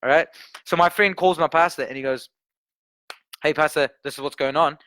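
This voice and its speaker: A man preaching a sermon, telling a story with animated voices and building to emphatic points. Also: a little high, a little fast, no room sound. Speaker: guest preacher.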